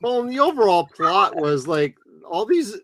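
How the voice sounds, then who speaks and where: A man's voice: sits high, very animated, moderate pace, a bit bright. A man co-hosting a casual movie review, laughing often and acting out characters' lines with crude jokes. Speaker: podcast co-host.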